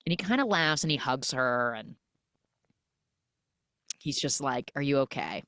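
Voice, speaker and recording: A woman podcast host casually recapping a film, retelling it in an animated way with lots of "like" fillers. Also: a bass voice, measured pace, no room sound, clean studio sound.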